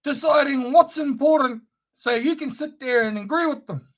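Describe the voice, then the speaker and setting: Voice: high-pitched, moderate pace. A speaker delivering an angry, profane, sneering spoken-word rant.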